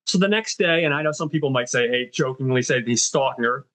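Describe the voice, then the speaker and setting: A man hosting a film podcast, casually retelling a movie's story with many fillers and quick voiced quotes of the characters. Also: mid-range voice, a bit bright. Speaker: podcast host.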